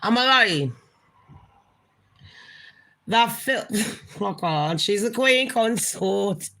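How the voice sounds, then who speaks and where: A woman's voice: medium pitch, lively intonation, very slow, fairly bright tone. A woman hosting a casual celebrity gossip livestream, blunt and chatty, swearing freely and talking straight to her viewers.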